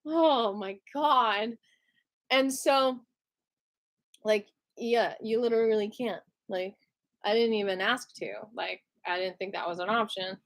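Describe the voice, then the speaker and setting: A woman telling a story in a casual storytime vlog, chatty and animated, laughing often and using lots of fillers. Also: mid-range voice, a little slow. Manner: animated retelling with many fillers. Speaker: vlogger.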